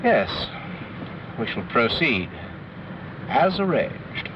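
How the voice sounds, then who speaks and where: An actor playing a formal, courteous chauffeur in a 1960s TV drama. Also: male voice, mid-range voice, big pitch swings, very slow. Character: polite, proper chauffeur Hunter. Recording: dull lo-fi 1960s TV sound, hiss.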